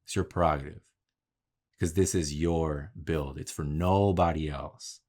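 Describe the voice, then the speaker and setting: A man's voice: extremely low pitch, fairly even intonation, a little slow, a little mellow. A man talking in a casual, candid vlog monologue, swearing freely and telling stories about his work. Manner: profane, candid, talks through stories. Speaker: vlogger.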